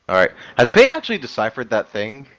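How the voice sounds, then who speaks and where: A man's voice: mid-range voice, wildly swooping pitch, moderate pace, fairly bright tone, poor audio. A man playing a tabletop game, talking casually and a bit hesitantly. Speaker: player. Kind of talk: casual tabletop play chat.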